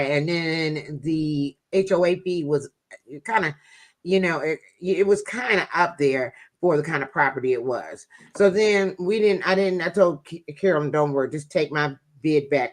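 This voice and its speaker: A woman vlogger casually telling viewers a personal story in a chatty, folksy way. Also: low voice.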